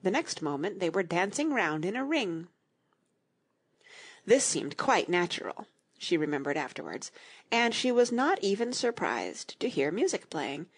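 A woman reading a children's audiobook aloud in an expressive, storytelling manner. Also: on the low side, unhurried, husky. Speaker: audiobook narrator.

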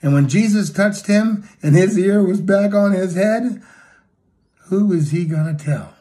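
Mellow-voiced male preacher telling a story. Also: high-pitched, a little slow. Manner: storytelling with acted quotes, swinging between loud and hushed. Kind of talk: sermon.

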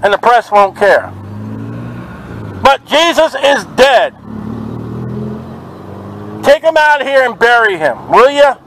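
A man's voice: very high voice, sing-song, slow, vocal fry, pauses often, fairly bright tone, slight background noise, poor audio. A man preaching fervently outdoors at a market, quoting scripture in an open-air sermon. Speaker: street preacher.

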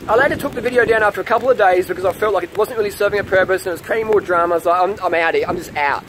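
A man's voice: high-pitched, very fast, noisy background. A man, ranting defensively to camera in a vlog, swearing and repeating himself in a heated way. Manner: profane, heated, repeating questions. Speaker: vlogger.

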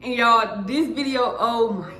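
A teenage girl talking casually to camera in a slangy, excitable, nervous ramble. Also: fairly high pitch, a little slow. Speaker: vlogger. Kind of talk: casual vlog chat to camera. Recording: echoey room with music behind. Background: music.

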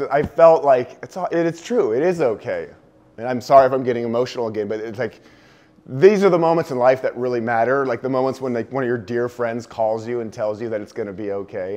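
A man giving a talk to an audience, telling a personal story in an earnest, heartfelt way, his voice dropping low and soft on the sad parts. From United States. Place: indoor venue with a live audience.

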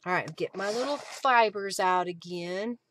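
Bright-voiced woman chatting through a craft stream. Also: medium pitch, measured pace, a little hiss or hum. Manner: chatty, thinks aloud while working. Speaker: crafter hosting a live stream. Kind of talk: casual craft live-stream talk.

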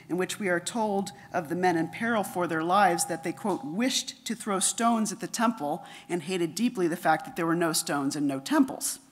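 A middle-aged woman giving a conference lecture, reading her paper in a measured way and dropping softer for quotations. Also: on the low side. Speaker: conference speaker.

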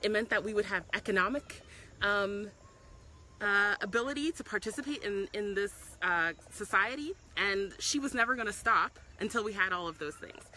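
Speaking at normal speed with a medium pitch and a sharp tone, a woman from South Africa gives earnest, passionate live-stream commentary outdoors in a public place. She says "um" a lot and keeps restarting herself, and the rough recording carries a faint hiss or hum.

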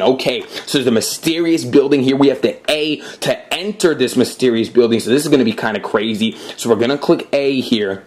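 A man's voice: mid-range voice, brisk, few pauses, darkish tone. Chatty man narrating a game walkthrough. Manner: chatty, addresses viewers, apologetic asides. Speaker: gameplay host. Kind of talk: casual game walkthrough commentary.

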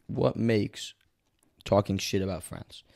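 A man's voice: on the low side, slow, gravelly, a little mellow. Sex: male. Role: podcast host. Style: casual chat. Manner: playful and full of questions. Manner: playful, keeps asking questions.

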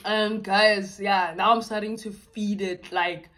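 A woman's voice: medium pitch, fairly even intonation, a bit bright. A young woman chats casually with her viewers over a meal, bubbly and talkative, stretching out some words. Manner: bubbly and chatty, with drawn-out words. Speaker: YouTuber. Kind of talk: casual mukbang chat.

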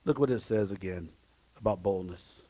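The pastor, a man in a church sanctuary, preaches with emphasis, shifting from shouts to low asides, repeating his main phrases and calling out praise. He keeps a moderate pace, and there's no echo.

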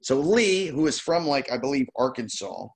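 A man hosting a card-opening show, telling a lively casual anecdote with laughs. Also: mid-range voice, normal speed, gravelly. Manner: animated, laughing anecdote teller. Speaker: host opening baseball card packs. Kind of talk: casual storytelling.

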